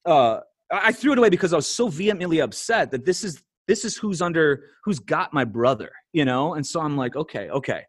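A middle-aged man, a podcast guest, telling stories in a casual conversation, animated and laughing often. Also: a little high, fairly quick, few pauses, dry recording, studio quality.

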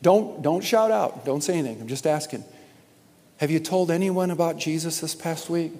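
A man preaching a sermon as pastor, impassioned, swinging from shouts down to quiet, probing questions. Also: fairly high pitch, normal speed. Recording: music and long hall reverb.

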